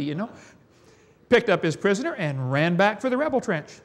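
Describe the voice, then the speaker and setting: A man's voice: high voice, very animated, brisk. A man preaching a sermon, telling folksy stories with chuckles.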